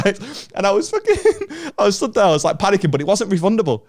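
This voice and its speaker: A man's voice: sits high, fast, hardly any pauses, dry recording. Sweary Northern English man telling stories. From Northern England. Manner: sweary, animated, laughs through his stories. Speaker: comedian podcast co-host. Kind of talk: casual comedic storytelling.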